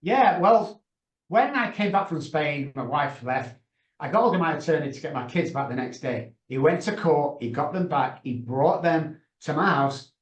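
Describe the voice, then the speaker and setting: Speaking at a moderate pace in a fairly high, expressive voice, this middle-aged man is a guest on a video call. An addiction consultant, he recounts his story emotionally, with passion and emphasis, amid roomy echo.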